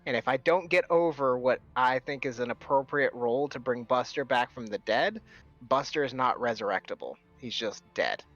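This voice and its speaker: A man's voice: medium pitch, moderate pace, fairly bright tone, dry recording. A man narrating as game master of a tabletop role-playing game, drawing out his words as he describes scenes and explains rules. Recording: dull lo-fi sound with faint music.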